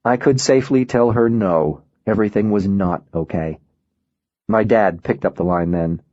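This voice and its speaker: Low-voiced man reading an audiobook. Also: normal speed, a little mellow, dry recording, muffled recording. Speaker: audiobook narrator. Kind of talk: audiobook narration.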